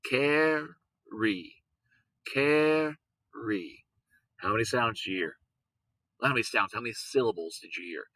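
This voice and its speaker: A man teaching a lesson, patient, repeating words and sounding them out slowly. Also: fairly low pitch, pushed and bright, no room sound, low-quality recording. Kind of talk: recorded classroom lesson on syllables.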